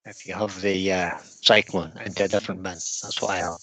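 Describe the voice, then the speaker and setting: A man's voice: low voice, fairly even intonation, brisk, bright, forceful tone, poor audio. Chatty man hosting a workshop livestream. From United Kingdom. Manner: chatty, reads viewer comments aloud. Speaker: woodturning livestream host. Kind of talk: casual live-stream chat reading comments.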